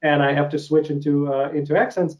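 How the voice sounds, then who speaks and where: A man's voice: a little high, flat delivery, a little fast, a little mellow, poor audio. A man from Ukraine with a Russian accent, hosting an interview in a casual, hesitant way with many uh fillers. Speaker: interview host.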